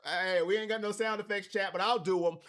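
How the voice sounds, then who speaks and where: High bright guy from cleveland streaming a game, calls plays, yells at big ones. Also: fairly even intonation, brisk. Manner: hypes chat, shouts on big plays. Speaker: watch party streamer doing play-by-play. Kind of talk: live stream play-by-play and chat.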